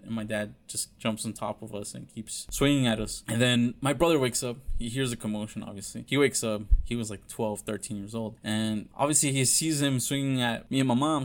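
A young man telling a personal story in a casual way, blunt and full of swearing, with halting restarts. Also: medium pitch.

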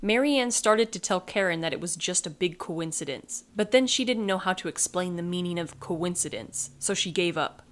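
Lowish-voiced woman reading a children's story. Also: normal speed, few pauses. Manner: lively reading that acts out each character. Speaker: podcast host reading aloud. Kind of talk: reading a children's book aloud.

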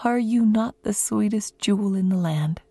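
A woman's voice: mid-range voice, moderate pace, warm tone, breathy edge, dry recording. A woman storyteller plays an old storybook king, poor and tender-hearted, speaking earnestly and sometimes almost whispering. The voice sits mid-range. The sound is close and dry. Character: poor, kindly old king who loves his goose.

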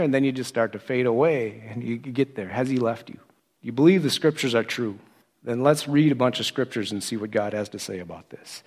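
Man preaching a conversational sermon. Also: mid-range voice. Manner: conversational storytelling, animated quoted asides. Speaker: associate pastor turned preacher. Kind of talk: sermon with personal testimony.

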